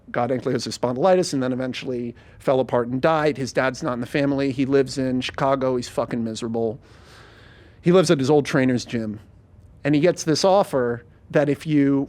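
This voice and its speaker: A male podcast host and screenwriter chats casually while pitching a movie. He speaks rapidly and animatedly, swearing freely in his rush.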